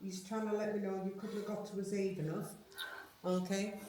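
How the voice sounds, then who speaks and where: A woman acting as a medium gives a live psychic reading, passing messages to a sitter in a chatty manner full of tag questions. Her voice is medium-pitched and warm, with little pitch movement and a normal speed. The recording sounds distant, in an echoey room with faint noise.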